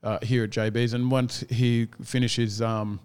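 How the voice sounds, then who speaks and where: A man's voice: mid-range voice, level tone, measured pace, a little mellow, smooth. A man chatting casually as a gym owner, telling stories animatedly, swearing freely and acting out what people said. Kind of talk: casual chat.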